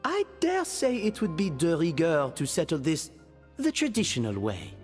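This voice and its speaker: An actor with a French accent playing a courtly, polished restaurant owner in a video game, speaking in an elaborate, formal way. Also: male voice, on the high side, huge pitch swings, moderate pace, soft background music. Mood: gracious.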